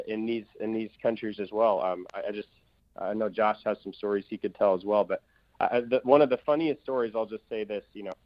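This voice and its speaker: A man's voice: fairly low pitch, no echo, muffled recording. A man, an evangelist, telling testimony stories in an interview with emphatic energy and many fillers. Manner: emphatic, rapid-fire storytelling with fillers. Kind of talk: testimony in a talk-show interview.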